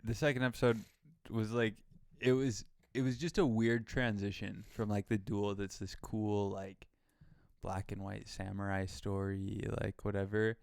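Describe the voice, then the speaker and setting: A man's voice: lowish voice, level tone, a little slow, vocal fry, clean tone, dry recording, clean studio sound. A young man co-hosting a pop culture podcast, chatting casually and rambling with many fillers. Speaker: podcast co-host. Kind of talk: casual chat.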